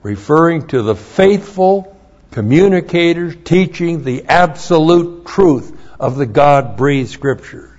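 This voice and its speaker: A man's voice: fairly high pitch, lively intonation, slow, a little mellow. A man preaching a verse-by-verse Bible teaching sermon. He speaks in an emphatic way, repeats key phrases and spells out Greek words. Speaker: pastor. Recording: dull lo-fi sermon recording.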